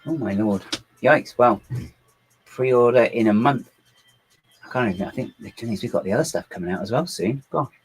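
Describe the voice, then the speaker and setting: A man streams himself building LEGO live, casually chatting, reading viewer comments out loud, and mumbling to himself as he goes. His mid-range, slightly rough voice moves at a moderate pace with frequent pauses, over faint background music in a low-quality recording.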